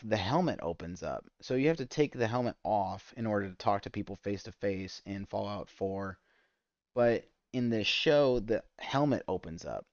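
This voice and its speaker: A man streaming a game, ranting in exasperated, profane commentary that spikes loud and high. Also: no room sound, lo-fi sound. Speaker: gaming streamer. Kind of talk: ranting commentary while gaming.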